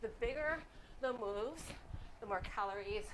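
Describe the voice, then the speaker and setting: A woman's voice: a little high, a little slow, background noise. Upbeat woman counting workout reps. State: slightly winded. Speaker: fitness instructor.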